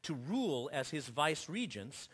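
Bright-voiced male preacher, impassioned. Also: on the high side, sing-song, measured pace, husky. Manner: impassioned preaching, rising and falling in force, with restarts. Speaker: pastor. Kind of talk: sermon.

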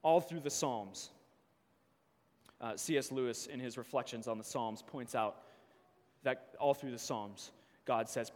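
A man's voice: mid-range voice, a little mellow. Man preaching in a reverberant church. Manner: reads scripture slowly, then preaches with rising intensity. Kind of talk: sermon with scripture reading. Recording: long reverb of a church hall.

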